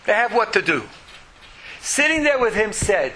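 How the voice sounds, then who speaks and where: A man teaching a lecture as a religious teacher, in an animated way that acts out quotes in lively voices. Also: sits high, normal speed, long pauses, slight background noise, low-quality recording.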